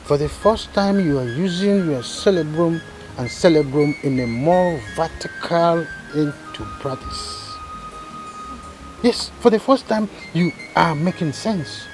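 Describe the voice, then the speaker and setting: A man's voice: fairly high pitch, animated, unhurried. An actor playing a pompous male family doctor who mangles fancy words. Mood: smug. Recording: echoey room with music underneath.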